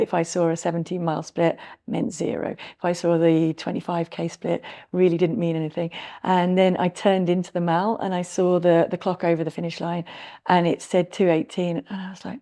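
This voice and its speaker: A middle-aged woman, a former marathon runner, telling her story as a podcast guest in an animated way. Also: lowish voice, creaky. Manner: animated storytelling with laughs, acts out her own thoughts. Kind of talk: podcast interview, reflective storytelling.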